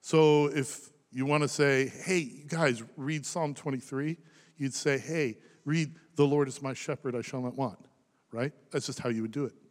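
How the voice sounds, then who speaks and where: A man in his thirties preaching a sermon as pastor, impassioned, rising to loud emphasis and dropping to hushed near-whispers. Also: mid-range voice, fairly even intonation, normal speed. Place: church sanctuary. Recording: long reverb of a large hall.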